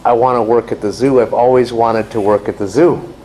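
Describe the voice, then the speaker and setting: A man's voice: mid-range voice, fairly even intonation, fairly quick, darkish tone, a little hiss or hum, voice pushed down, close to an everyday voice, poor audio. A man voicing an eager, desperate man who begs a zookeeper for any job at the zoo. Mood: pleading. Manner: pleading, eager.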